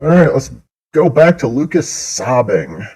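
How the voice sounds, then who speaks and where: A man's voice: medium pitch, very animated, unhurried, background noise. A man giving mocking, profane reaction commentary on a clip and laughing often, speaking into a desk mic. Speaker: commentary host.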